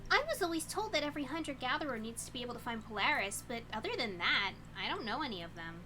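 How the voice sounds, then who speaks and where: A woman voicing an excitable teenage schoolgirl while reading a visual novel aloud, bubbly and prone to flustered outbursts. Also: a little high, fast, background noise, natural voice. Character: excitable cheerful teenage girl student.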